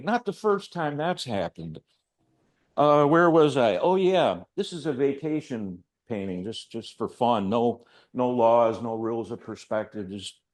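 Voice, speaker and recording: An older man, an artist, giving an informal, rambling talk to a gallery audience about his work, with chatty, self-deprecating asides. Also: mid-range voice. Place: art gallery.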